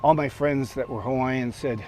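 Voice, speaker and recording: An older man in his sixties tells a long, loose story outdoors. He talks in a relaxed way full of ums and restarts, and chuckles now and then. There is clear background noise from outside around his voice. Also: mid-range voice, normal speed. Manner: rambling, chuckling, with frequent fillers and restarts. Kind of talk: casual spoken storytelling.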